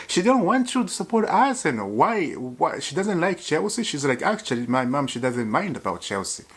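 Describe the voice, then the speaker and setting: A man's voice: medium pitch, a bit bright. A man hosting a football fan channel, talking casually and laughing often, with frequent restarts and repeated words. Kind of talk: casual vlog commentary.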